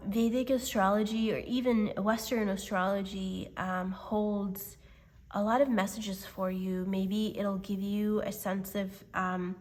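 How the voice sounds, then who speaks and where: A woman giving an unscripted tarot reading in a gentle, hesitant way, with many pauses and fillers. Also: mid-range voice. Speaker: tarot reader.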